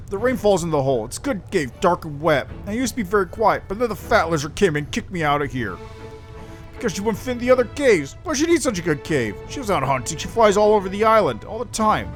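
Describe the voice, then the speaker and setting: A man's voice: sits high, very animated, fast talker, faint music behind. A man voicing a petulant, spoiled female demon queen who whines and pouts like a child. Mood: whiny. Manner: whiny, pouting, childish.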